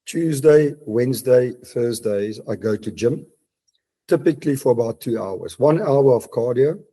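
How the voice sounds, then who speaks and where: A man's voice: mid-range voice, animated, a little slow, warm tone, slightly rough. A man, a podcast guest talking reflectively from his home study, with frequent restarts. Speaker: guest, mountaineer and business leader. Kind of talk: casual podcast interview.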